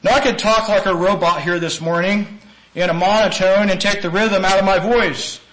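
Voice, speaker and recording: A man preaching a sermon-style lecture, earnest and emphatic, with sudden rises in pitch and volume and some slowed, stressed phrases. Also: fairly even intonation, fairly bright tone, poor audio.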